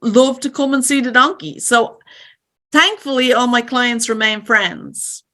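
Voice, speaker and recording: A woman's voice: on the high side, measured pace, bright, forceful tone. A woman with an Irish accent, chatting casually and playfully as a guest in an interview. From Ireland. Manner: chatty, laughs easily, playful. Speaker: guest realtor.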